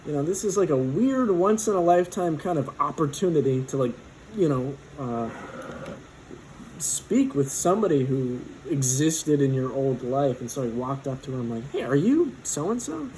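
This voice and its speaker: A man's voice: mid-range voice, moderate pace, a little mellow, slight background noise, rough recording. A man in his twenties telling a personal story casually, rambling with lots of fillers and swearing.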